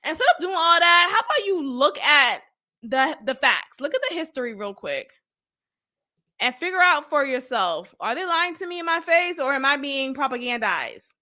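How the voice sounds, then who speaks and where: A woman's voice: high-pitched, sing-song, moderate pace, bright, forceful tone. A woman hosting a podcast, talking casually with a blunt, sarcastic edge and plenty of swearing. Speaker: podcast host.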